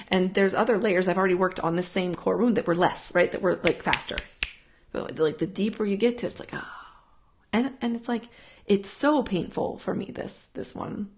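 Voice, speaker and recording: A woman talks in an earnest, rambling way on a live stream, looping back over her points and repeating words. Her voice has a gravelly, fry-tinged edge at an ordinary pitch. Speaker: host answering viewer questions. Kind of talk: casual spiritual talk, live stream.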